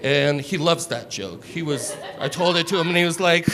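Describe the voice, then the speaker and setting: Fairly high-voiced male comic, deadpan and crude, live club, audible room noise. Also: normal speed. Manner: deadpan, crude, self-mocking delivery. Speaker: stand-up comedian. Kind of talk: stand-up comedy set. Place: comedy club stage.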